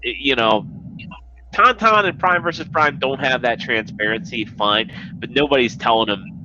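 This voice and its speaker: A man's voice: lowish voice, expressive, normal speed, bright, forceful tone, lo-fi sound, slight background noise. A man chatting casually as a guest on a livestream, rambling and swearing, full of fillers. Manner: rambling, profane, filler-heavy.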